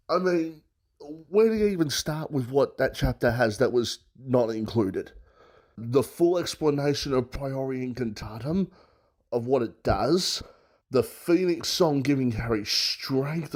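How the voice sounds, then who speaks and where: A man's voice: medium pitch, darkish tone. A man with a sore throat delivering a theatrical rant full of mock outrage and exclamations. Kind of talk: casual ranting.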